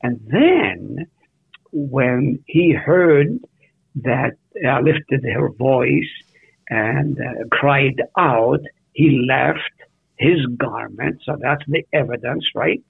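Gravelly man teaching scripture over tinny audio. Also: medium pitch, extremely slow, no echo. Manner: animated, asks the listeners questions. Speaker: Bible teacher. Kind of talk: Bible study teaching. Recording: tinny phone-like radio audio.

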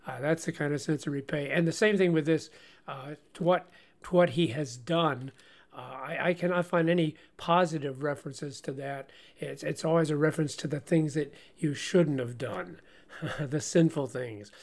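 Man, fairly high voice, animated Bible teaching, quick laughs, stumbling restarts. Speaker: radio Bible-study co-host.

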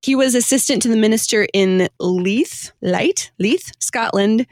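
女性播客主持人，语气亲切爱笑. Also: female voice, on the high side, unhurried, a little mellow, no room sound, clean studio sound. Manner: chatty, laughs often, reads with feeling. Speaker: podcast host. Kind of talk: casual chat, reading hymn texts aloud.

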